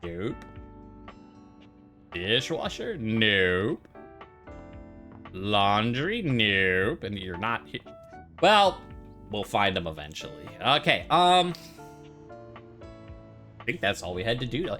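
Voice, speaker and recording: A man streaming a video game, chatting casually and thinking out loud as he plays. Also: on the low side, sing-song, a little slow, pauses often, soft background music. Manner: casual, rambling, thinking aloud. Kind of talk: let's-play commentary.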